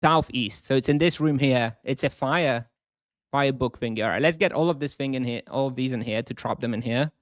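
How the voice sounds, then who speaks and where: A man's voice: mid-range voice, a little fast, no echo, studio quality. A man live-streaming a video game, thinking aloud, chatting casually and answering questions from chat.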